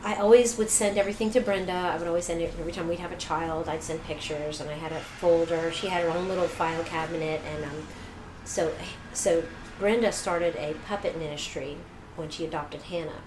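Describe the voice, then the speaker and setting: Middle-aged female guest, animated storyteller, low-ish voice, echoey room recording. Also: a little fast. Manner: animated, laughs often, acts out quoted dialogue. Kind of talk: personal storytelling. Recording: echoey room with faint noise.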